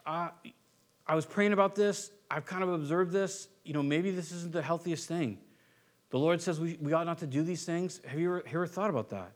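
Animated man preaching, slightly high voice. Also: brisk. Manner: animated, swings between loud outbursts and hushed asides; acts out quoted voices. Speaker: pastor. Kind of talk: sermon.

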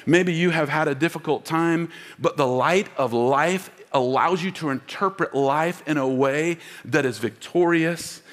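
Wearing a mic in a church auditorium with long hall reverb, a man preaches an emphatic sermon as pastor and leads call-and-response. His voice is a little high and a bit bright, a little slow, with hardly any pauses.

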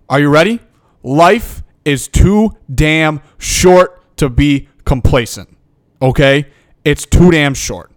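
A young man, a football coach, hosting a motivational podcast and delivering a fired-up rant that keeps checking in with "okay?". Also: fairly high pitch. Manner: fired up, emphatic, repeats "okay?".

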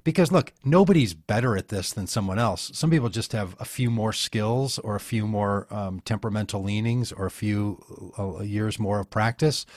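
A man with a lowish voice talks as an interview guest. He rambles, circles back and restarts his sentences in a folksy pastor's way. The sound is close and dry. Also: a little mellow, dry recording. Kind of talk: casual conversation.

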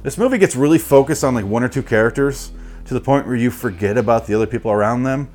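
A man's voice: mid-range voice, quick pace, darkish tone. Man, comedic movie rant, crude, exasperated, mocking, faint background music. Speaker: movie reviewer.

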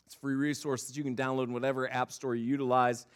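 A man in his thirties, a pastor, preaches in a church sanctuary, telling an amusing personal story with many repeated words and then moving into scripture. He talks fast in a mid-range voice with a level tone.

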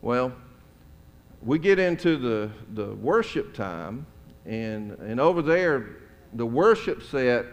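A middle-aged man, preaching a sermon as a pastor and telling stories in a conversational, folksy way. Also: medium pitch. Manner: conversational, folksy, chuckling asides. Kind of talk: storytelling sermon. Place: church sanctuary. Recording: long church hall reverb.

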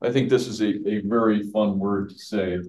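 A man's voice: on the low side, fairly even intonation, normal speed, a little mellow, a little hiss or hum. A man teaching a Bible passage verse by verse, chatty, asking his listeners questions and laughing at his own jokes. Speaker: pastor teaching a Bible study.

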